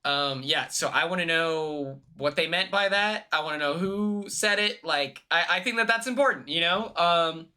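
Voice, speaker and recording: A man's voice: a little high, pushed and bright. A man streamer reacting to a clip in casual chat, hesitant and repeating words as he thinks aloud.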